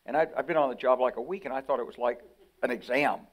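A man's voice: medium pitch, fast talker. Older American man telling stories animatedly. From United States. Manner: animated storyteller who acts out quoted voices. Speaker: interview guest, retired general. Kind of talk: conversational interview.

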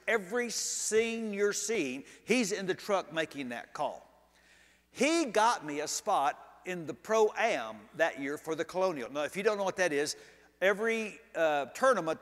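A male preacher telling a story in a sermon, animated and humorous. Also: high-pitched, in a large hall. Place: church sanctuary.

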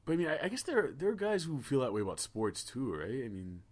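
A man's voice: medium pitch, very animated, fast talker. A man hosting a casual podcast, telling stories in a rambling way with stammered restarts and swearing. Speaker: podcast host. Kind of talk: casual podcast chat and storytelling.

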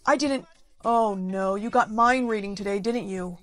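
A woman's text-to-speech voice playing a sleazy male teacher and a guilty father, smooth and sly, in a storytime. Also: medium pitch, moderate pace, fairly bright tone, close to an everyday voice.

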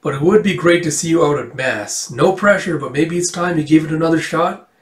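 A man voicing a friendly male priest who jokes and gently persuades. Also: on the high side, a little fast, pitched above the performer's own voice, lightly acted. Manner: warm, joking, persuasive. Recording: roomy, distant mic.

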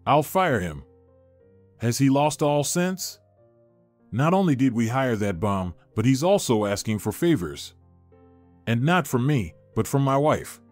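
A man's voice: medium pitch, big pitch swings, unhurried, a little mellow, soft background music. A man voicing a suspicious, indignant husband in a narrated story, sounding sarcastic and defensive.

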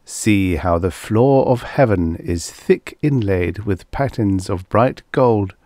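A man's voice: fairly low pitch, animated, slow, a little mellow, no echo, studio quality. A man voicing a lofty, star-loving male astronaut navigator who quotes poetry and teases his crewmates with a haughty air. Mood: dreamy.

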